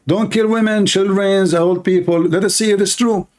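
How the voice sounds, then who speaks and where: A man hosting, giving heated commentary on a clip, blunt and scornful and quick to insult. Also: high voice, steady tone, darkish tone. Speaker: host commenting on a video clip.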